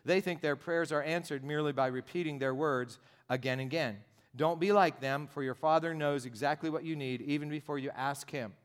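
A man's voice: fairly high pitch, steady tone, a little fast, clean tone. A pastor preaching a sermon in a direct, conversational way, driving his points home with emphatic repetition. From United States.

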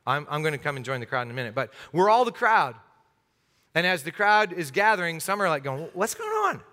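An American man preaching a lively interactive sermon in a church, acting out crowd voices and joking with the congregation. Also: a little high, brisk. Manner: animated, acts out crowd voices, jokes with congregation. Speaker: pastor. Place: church sanctuary. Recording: long hall reverb.

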